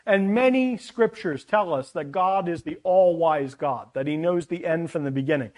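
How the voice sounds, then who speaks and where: A man's voice: on the high side, normal speed. A man preaching a sermon, teaching earnestly from scripture with chatty asides to the congregation.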